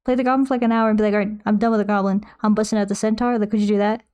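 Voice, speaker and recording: Her voice is mid-range and a little mellow with a level tone, and she races along as she chats. This young woman streams herself painting, reading viewer messages aloud into a close desk mic and rambling on with plenty of self-mockery.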